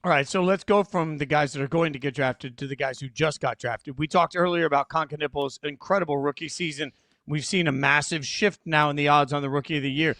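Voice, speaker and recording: A man's voice: fairly high pitch, steady tone, fairly quick, fairly bright tone, dry recording. A man hosting a sports talk show, asking loose questions full of fillers. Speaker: show host.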